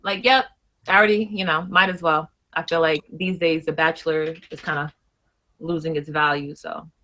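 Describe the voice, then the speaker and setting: A woman's voice: low-pitched, level tone, sharp tone, lo-fi sound. A woman in her twenties, a guest on a casual talk show, chatting in a playful, easygoing way. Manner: playful, easygoing, quick to laugh along. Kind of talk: casual interview chat.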